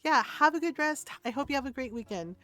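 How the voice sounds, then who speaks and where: A woman's voice: high voice, expressive, brisk, a bit bright, no echo, soft background music. A middle-aged woman streaming a game who tells stories casually, laughing often and checking in with "right?". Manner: chatty, laughs often, keeps saying "right?". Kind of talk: casual storytelling while playing.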